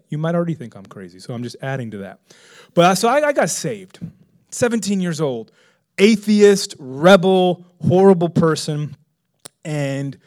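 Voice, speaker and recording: A middle-aged male pastor telling a story in a sermon, animated, bursting into loud excited exclamations. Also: fairly high pitch.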